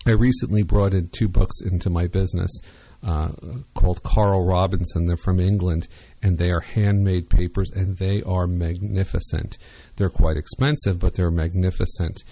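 A man's voice: deep voice, steady tone, normal speed, dark tone, dry recording. A man hosting a radio advice show about interior design, talking conversationally with many fillers and restarts.

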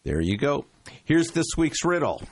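A man hosting a radio health show, easygoing and halting, reading segments with drama. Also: fairly high pitch, very animated, vocal fry, dry recording.

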